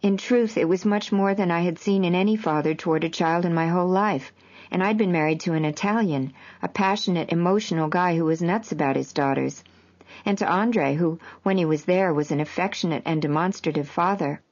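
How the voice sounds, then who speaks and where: A woman with a very low voice narrates her memoir in a measured, even way. The audio is dull and lo-fi, with little top end.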